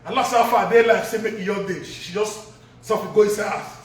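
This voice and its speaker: Fast and high-pitched, a man unleashes an angry social media rant in a Nigerian Pidgin accent, hurling insults heatedly. He sounds far away in an echoey room.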